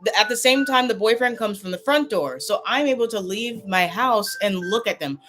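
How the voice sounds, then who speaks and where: A woman's voice: medium pitch, expressive, moderate pace, a bit bright, soft background music. A woman vlogger talking casually and tearfully to a livestream, upset and rambling, often repeating herself.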